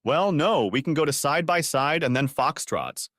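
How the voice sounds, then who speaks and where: Voicing a friendly, easygoing middle-aged man, a male performer pitches his voice above his natural range, making it fairly high and a bit bright. He speaks at a normal speed with lively intonation, and the recording is dry and clean, studio quality.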